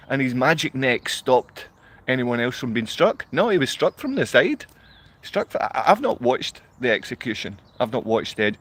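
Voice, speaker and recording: Middle-aged Glaswegian man, livestream host, emotional rambling delivery, average pitch. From Scotland. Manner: emotional, rambling, often laughing. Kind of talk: rambling live-stream monologue.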